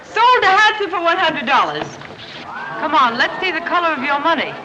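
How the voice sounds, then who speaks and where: An actress playing a brassy, quick-tongued saloon singer with sassy showman patter, in 1930s film acting style. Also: extremely high pitch, big pitch swings, dull audio. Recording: hissy old 1930s film soundtrack.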